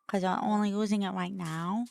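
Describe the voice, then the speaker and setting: A woman's voice: mid-range voice, steady tone, fairly quick, vocal fry, darkish tone, dry recording. A woman co-hosting a gaming stream in casual chat, playful and giggly, trying out a cutesy baby-talk voice and swearing now and then. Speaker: streamer co-host.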